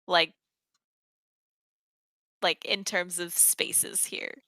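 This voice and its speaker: A young woman playing a tabletop game, thinking aloud with many fillers and quick apologies. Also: on the low side, flat delivery, a bit bright, no echo. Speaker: player. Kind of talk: casual tabletop game chat.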